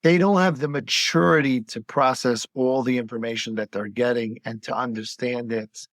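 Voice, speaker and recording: Gravelly man telling clinic stories. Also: medium pitch, steady tone, normal speed, a bit bright, dry recording, studio quality. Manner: storytelling, acting out the voices of patients' parents. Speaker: pediatric gastroenterologist guest. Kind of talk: casual podcast conversation.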